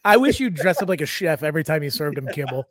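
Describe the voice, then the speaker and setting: A man co-hosting a podcast in casual chat, animated and swearing, full of fillers and silly voices. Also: a little high, quick pace, a crowd in the background. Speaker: podcast co-host.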